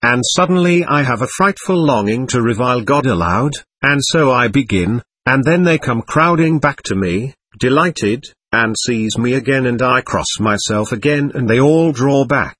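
A man voicing an excitable, capricious teenage girl, talking intensely and darting between teasing and pleading. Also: mid-range voice, normal speed, few pauses, slightly rough, no echo. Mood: feverish.

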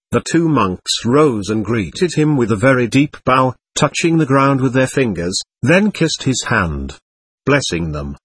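Husky male audiobook narrator. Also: medium pitch, fairly bright tone, no echo. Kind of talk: scripted narration.

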